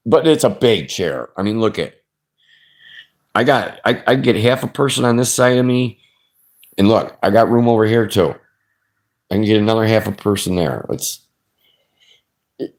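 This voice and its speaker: A man's voice: lowish voice, darkish tone. A man hosting his own channel, chatting casually in a rambling, laid-back way with frequent restarts. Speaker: channel host. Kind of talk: casual chat.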